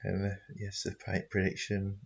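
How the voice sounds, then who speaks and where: A man's voice: deep voice, monotone, moderate pace, creaky, muffled recording. A man hosting casual commentary on a football game stream, chatty and chuckling, sometimes stumbling over his words. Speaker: host and commentator.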